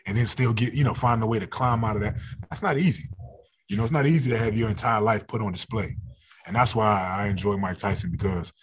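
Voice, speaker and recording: Young male football player guest, husky low voice, easygoing and quick to laugh. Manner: laid-back, laughs often, emotional recalling. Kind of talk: casual interview talk.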